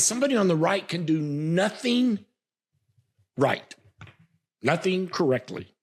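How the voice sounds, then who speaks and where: A man's voice: high-pitched, very animated, slow pace, long pauses, breathy edge. A man hosting a podcast, delivering a passionate political commentary monologue with frequent stammering restarts. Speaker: podcast host.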